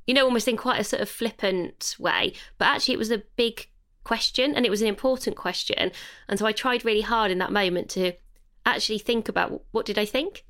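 A woman's voice: medium pitch, fast, a bit bright. Chatty British woman podcast co-host. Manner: storytelling, hesitant, self-correcting. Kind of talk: casual podcast chat.

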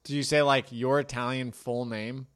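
Guy joking around on a podcast, teasing banter, normal pitch. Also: flat delivery, normal speed, a bit bright, smooth. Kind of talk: casual chat.

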